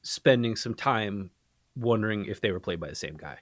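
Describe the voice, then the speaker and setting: A man talks casually as a podcast guest, his pitch swinging widely as he rambles through his thoughts. His halting restarts come through clearly on a dry, close mic. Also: expressive, dry recording. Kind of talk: casual movie-review chat.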